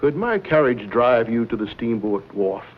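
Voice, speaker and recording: An actor playing a smooth, scheming villain who speaks with formal politeness and veiled threats, in a 1950s TV western drama. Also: male voice, medium pitch, very animated, moderate pace. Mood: smooth menace. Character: smooth scheming male villain, menacing behind polite manners. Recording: dull old TV soundtrack with faint hiss.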